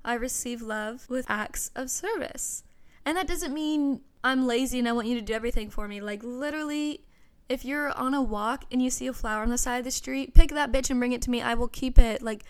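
A woman's voice: high voice, fairly quick, clean tone. A young woman hosting her own podcast, talking casually and earnestly with lots of "you know" asides. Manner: chatty, earnest and gushing, with frequent "you know". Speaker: podcast host. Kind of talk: casual solo podcast chat.

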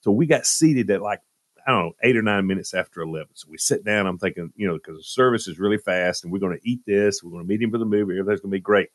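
A man's voice: fairly low pitch, very fast, no room sound, studio quality. A man telling a comic story on a radio show, dramatic and exasperated as he relives it. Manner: dramatic, jumps into loud exasperated retellings.

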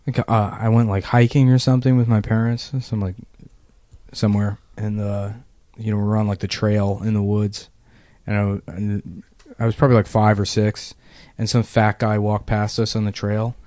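Rambling deadpan podcast man. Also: on the low side, normal speed, no room sound, clean studio sound. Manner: rambling, profane, deadpan jokes. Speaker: podcast co-host. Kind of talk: casual comedic chat.

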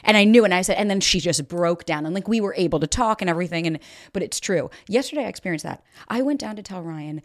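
Lady podcast host, blunt and animated, swears a lot, lowish voice, dry close sound. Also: quick pace, no echo. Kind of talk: casual candid chat.

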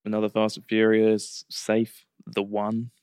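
A man, a guest on a podcast, chiming in with quick jokes in casual chat. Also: on the low side, completely flat delivery, a little mellow, clean tone, dry recording. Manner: quick joking interjections.

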